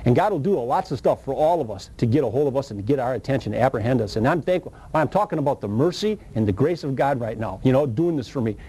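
Male preacher, testimony sermon: husky, quick-talking storyteller with excited high bursts. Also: poor audio.

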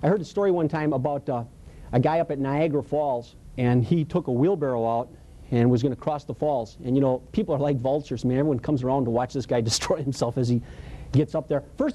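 A man's voice: mid-range voice, fast talker, mellow. A man preaching a Bible study in a conversational, emphatic way, telling stories and laughing as he goes. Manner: storytelling, emphatic, colloquial, laughs often. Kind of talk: conversational sermon.

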